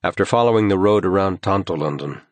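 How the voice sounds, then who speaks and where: A man reading a crime thriller audiobook in measured, grave scripted narration. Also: sits low, dry recording.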